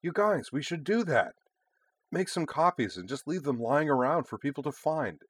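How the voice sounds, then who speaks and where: A man voicing a scatterbrained teenage girl who sings in a band, with a high, slightly breathy voice and a rambling, flustered way of talking. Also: animated, normal speed, no room sound. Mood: flustered chirpy.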